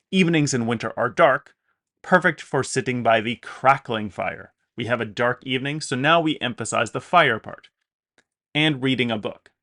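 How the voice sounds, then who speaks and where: Gravelly-voiced man teaching English. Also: medium pitch, fairly bright tone. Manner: explains patiently, with fillers and self-corrections. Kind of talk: online lesson explaining example sentences.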